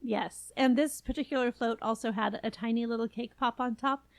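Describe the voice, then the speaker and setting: A woman's voice: a little high, steady tone, brisk, gravelly, no room sound. A woman from California co-hosting a podcast in casual, enthusiastic chat. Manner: chatty, enthusiastic, laughs often. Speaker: podcast co-host.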